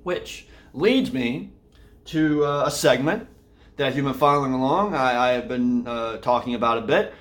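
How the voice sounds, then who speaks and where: Speaking from a room in his home, this man from around Austin, Texas hosts his casual daily vlog with plenty of fillers and restarts. He's a vlogger and podcast host with a mid-range, somewhat bright voice at a moderate pace.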